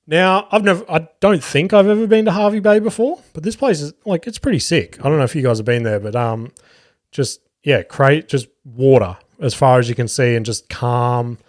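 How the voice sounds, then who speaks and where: A man's voice: on the high side, normal speed, no room sound. Aussie bloke in his 30s rambling on his podcast, swears a lot, dry close sound. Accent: Australian. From Australia. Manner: rambling, swears freely, lots of ums and likes. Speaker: podcast host and comedian. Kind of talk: casual solo podcast chat.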